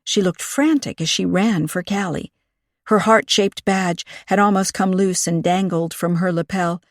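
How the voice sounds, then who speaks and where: A woman's voice: lowish voice, measured pace, dry recording, studio quality. Woman narrating a cozy mystery audiobook. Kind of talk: scripted narration.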